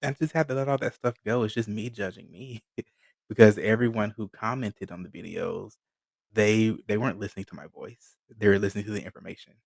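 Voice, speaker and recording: A man hosting a podcast, telling his story in a relaxed way and laughing often. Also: fairly low pitch, vocal fry, no echo. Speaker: podcast host. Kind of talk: casual conversational interview.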